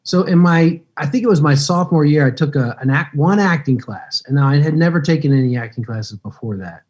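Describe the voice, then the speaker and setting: A man in his fifties, an actor being interviewed, telling stories in a relaxed, rambling way. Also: fairly high pitch, fairly quick, highs cut off. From United States. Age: 50s. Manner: relaxed, rambling, acts out quoted dialogue. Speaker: guest actor. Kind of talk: casual interview storytelling.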